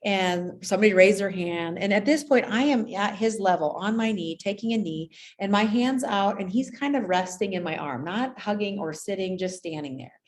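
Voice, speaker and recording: A woman's voice: medium pitch, animated, normal speed, few pauses. A woman school guidance counselor telling classroom stories in a conversational presentation, often checking in with her listeners and acting out the children's voices. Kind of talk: storytelling presentation.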